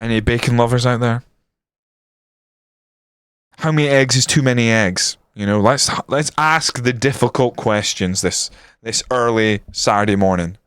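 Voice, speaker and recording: A man commentating his football management game on a live stream, swearing and ranting, then breaking into excited match commentary. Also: medium pitch, normal speed, smooth, no room sound.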